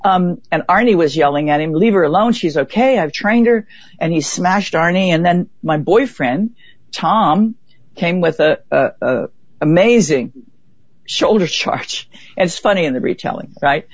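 A woman being interviewed, telling a vivid story in a lively way and acting out what others said. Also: deep voice, no room sound. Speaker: interview guest. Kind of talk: conversational storytelling. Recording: dull, dry lo-fi recording.

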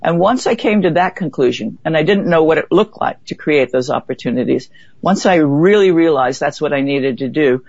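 A woman being interviewed, telling a vivid story in a lively way and acting out what others said. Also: sits low, dry recording. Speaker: interview guest. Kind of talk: conversational storytelling. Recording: dull, dry lo-fi recording.

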